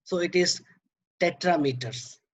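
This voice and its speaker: Slow, halting male lecturer. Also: on the high side. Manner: slow, halting, many repeated words and fillers. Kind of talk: academic lecture on poetry.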